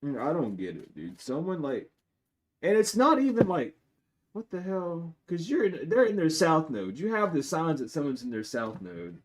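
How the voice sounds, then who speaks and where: A man giving a live-streamed tarot reading to his viewers. He is blunt and profane, and he swings between loud outbursts and low muttering asides. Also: very animated, normal speed. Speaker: tarot reader.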